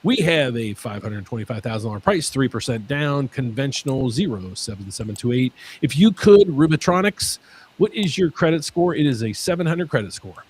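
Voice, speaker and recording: A man hosting a mortgage Q&A stream, talking in an excitable way and often repeating his words. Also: mid-range voice, normal speed, husky. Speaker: mortgage lender host.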